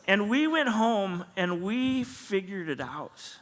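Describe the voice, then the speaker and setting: A middle-aged male pastor tells a sermon story with a high, bright, forceful voice. He acts out the dialogue with lively energy, and his voice rings with long reverb through a large church hall. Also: unhurried, few pauses.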